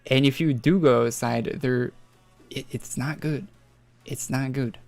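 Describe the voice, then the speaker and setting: A man's voice: mid-range voice, steady tone, measured pace, gravelly, darkish tone. A young man from northern Alberta, rambling and swearing casually as he chats on a gaming stream. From northern Alberta, Canada. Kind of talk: casual live-stream chat. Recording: faint music behind.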